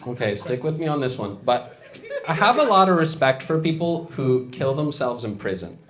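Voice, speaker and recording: A young man doing a stand-up set on a club stage, deadpan, with mumbled asides and loud punchlines. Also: medium pitch, moderate pace. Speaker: stand-up comedian. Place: comedy club stage with a live audience. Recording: laughing crowd in a room.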